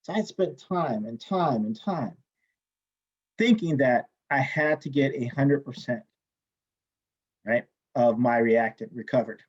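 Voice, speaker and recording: A man teaching a chemistry class, telling a story in an animated way, swearing freely and acting out the people he quotes. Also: medium pitch, measured pace, pauses often, slightly rough. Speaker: chemistry instructor. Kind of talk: lecture with personal story. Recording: dull lo-fi classroom recording.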